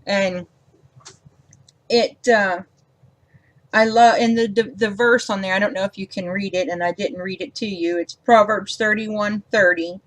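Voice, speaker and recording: Middle-aged woman, craft vlogger voice-over, casual folksy ramble, average pitch. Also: a bit bright. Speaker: card-making vlogger. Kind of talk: casual voice-over while coloring a card.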